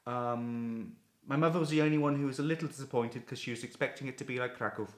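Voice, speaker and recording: A man chatting casually as an interviewee, playful and animated as he acts out little exchanges. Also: medium pitch, fast talker, echoey room. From United Kingdom. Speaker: interviewee, expat writer. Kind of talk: casual chat.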